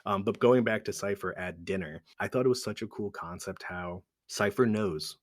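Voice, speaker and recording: A man co-hosting a podcast, chatting casually about films, animated and swearing, acting out quotes. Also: fairly low pitch, normal speed, no room sound. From Italian heritage. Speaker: podcast co-host. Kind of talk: casual film chat.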